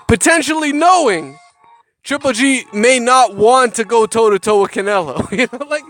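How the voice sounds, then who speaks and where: A man's voice: very high voice, fairly bright tone, no echo. A man giving heated, profane boxing commentary, often repeating words as he gets worked up. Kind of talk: casual ranting commentary.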